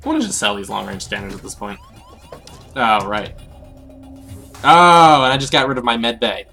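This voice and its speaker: A man's voice: medium pitch, sing-song, normal speed, vocal fry, sharp tone, soft background music. A man casually commenting on his gameplay, rambling and mumbling asides as he plays. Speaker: let's play host.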